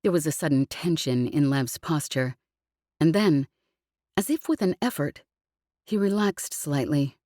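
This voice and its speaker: A woman narrating a science fiction audiobook with an even, expressive reading. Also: low voice, unhurried, no room sound, studio quality. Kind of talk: scripted narration.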